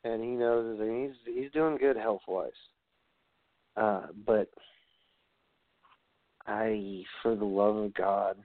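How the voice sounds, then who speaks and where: A man's voice: fairly low pitch, steady tone, slow, long pauses, no room sound. A man giving a rambling, profane rant as a wrestling commentator, sounding exasperated. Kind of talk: ranting podcast commentary. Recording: dry tinny phone-like audio.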